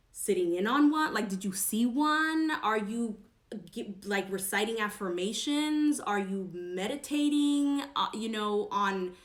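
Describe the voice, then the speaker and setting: A woman vlogger sharing a personal story to camera in an earnest, emphatic, chatty way. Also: on the high side. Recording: echoey room.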